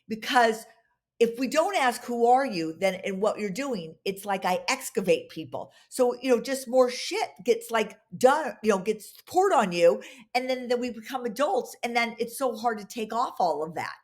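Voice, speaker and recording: Woman guest rambling through stories on a podcast, animated, acts out the quotes. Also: a little high, moderate pace. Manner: animated, long-winded storyteller acting out quotes. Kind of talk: casual interview storytelling.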